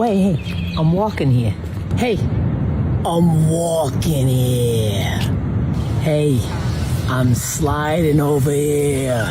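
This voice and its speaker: A woman comedian voicing brash New Yorker street types with a thick New York accent, calling out loudly. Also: medium pitch. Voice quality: loud, brash, drawn-out street calls. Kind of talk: comedic impression clip.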